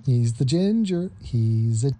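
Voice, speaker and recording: A man's voice: mid-range voice, animated, slow, warm tone. A man hosting a ranting reaction commentary, sarcastic and repeating his phrases again and again. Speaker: commentary host.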